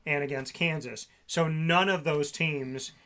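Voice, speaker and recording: A man's voice: fairly high pitch, steady tone, measured pace, bright, forceful tone. A man co-hosting a sports talk show, reeling off stats and player names in long runs. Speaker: co-host.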